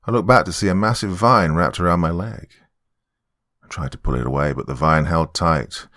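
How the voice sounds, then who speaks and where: Very deep-voiced man narrating horror. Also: normal speed, a bit bright. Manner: dramatic first-person storytelling. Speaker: horror podcast host and narrator.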